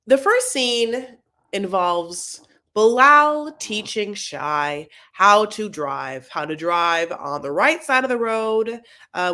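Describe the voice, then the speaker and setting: A woman, hosting a casual live-stream recap, chatty and animated, calling viewers honey as she reads the chat. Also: on the low side.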